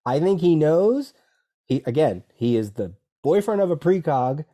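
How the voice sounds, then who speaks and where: A man on a podcast walks through a comic issue by issue, slipping into the characters' lines as he goes. His voice sits at an average pitch with a dark, mellow tone. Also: unhurried. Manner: animated, quotes dialogue in character, many restarts. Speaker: podcast co-host. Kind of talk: casual comic discussion.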